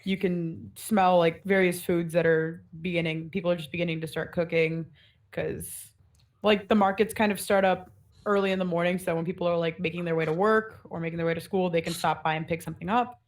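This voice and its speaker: A woman's voice: lowish voice, fairly even intonation, a little fast. A woman running a tabletop game as game master, narrating scenes in a rambling way full of "like" and "kinda".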